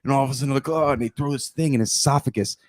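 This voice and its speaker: A man co-hosting a podcast, telling a film scene with lively, swear-filled storytelling. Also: mid-range voice, racing, no echo. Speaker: podcast co-host. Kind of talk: casual podcast chat.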